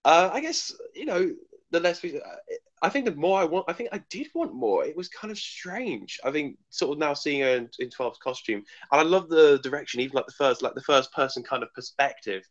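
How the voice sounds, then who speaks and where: Halting young man, lo-fi stream audio. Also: on the high side, animated. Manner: hesitant, halting, many restarts. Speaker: co-host. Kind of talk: casual fan chat. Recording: dull lo-fi livestream audio.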